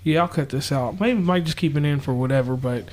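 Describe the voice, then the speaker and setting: A man's voice: a little high, brisk, a little mellow, slight background noise. A man co-hosting a casual podcast from a home kitchen, rambling and drifting off topic. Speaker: podcast co-host. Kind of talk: casual chat.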